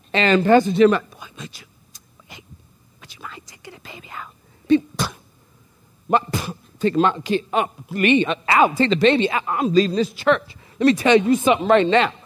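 Very high-voiced man preaching. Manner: animated, joking storytelling. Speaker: pastor. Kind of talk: sermon. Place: church sanctuary.

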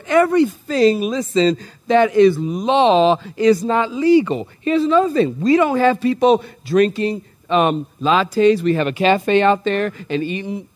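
Pastor with a very high voice, preaching in an animated, joking manner. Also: male voice. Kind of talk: sermon. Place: church sanctuary.

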